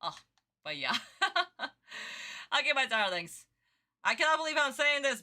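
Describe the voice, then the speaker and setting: A woman's voice: high voice, very animated, a little slow, long pauses, pushed and bright. A woman streamer reacting live to a cartoon, gushing at her chat with pet names and laughing often.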